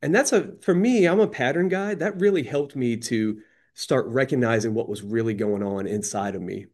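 A man's voice: mid-range voice, moderate pace, darkish tone. A man in recovery candidly sharing his experience with the steps, talking casually with slang and lots of restarts. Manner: casual, slangy, self-deprecating, many restarts. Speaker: AA member sharing.

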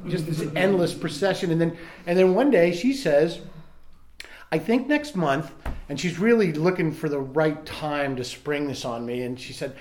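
A man's voice: on the high side, moderate pace, hardly any pauses, darkish tone. A man reading aloud from a recovery book and sharing his own story in a candid, self-mocking way, often restarting his sentences. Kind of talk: reading aloud and personal testimony.

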